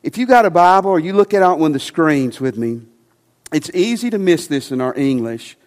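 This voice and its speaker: Passionate pastor preaching in a reverberant hall. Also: male voice, a little high, expressive, fairly quick. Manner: emphatic, rising to passionate preaching then dropping soft. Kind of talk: sermon. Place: church sanctuary.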